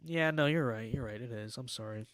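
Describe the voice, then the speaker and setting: A man's voice: mid-range voice, fairly quick, fairly bright tone, clean tone, no echo. A young man from Los Angeles hosting a casual livestream, reading chat messages aloud and answering them in a wry, sarcastic, mock-boastful way. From Los Angeles, United States.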